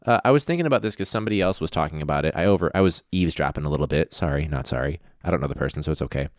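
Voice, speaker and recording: Low-voiced rambling podcast host, a man. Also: expressive, rapid-fire, no room sound, clean studio sound. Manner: rambling, self-interrupting, playful. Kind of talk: casual podcast chat.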